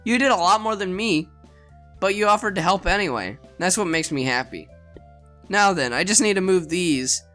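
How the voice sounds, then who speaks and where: A man's voice: sits high, lively intonation, normal speed, faint music behind. A man voicing a tearful, clumsy girl Santa. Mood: cheerful. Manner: soft, tearful, faltering speech. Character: sweet clumsy young woman Santa Claus. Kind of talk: visual novel read aloud.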